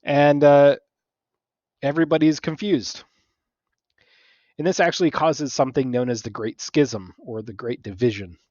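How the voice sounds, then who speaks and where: A man gives a relaxed history lecture, chatting his way through the story and slipping into quick voices for the people in it. His audio is dull and slightly lo-fi, in a dry space with no room echo. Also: medium pitch. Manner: conversational, acts out figures in quick asides, many "right?" checks. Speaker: teacher.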